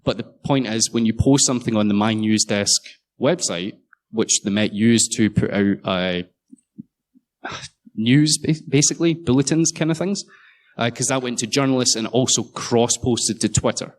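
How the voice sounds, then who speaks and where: Man, conference speaker, sarcastic joker, mid-pitched, casual swearing. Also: moderate pace. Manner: jokey, sarcastic, swears freely. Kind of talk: conference talk. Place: conference hall.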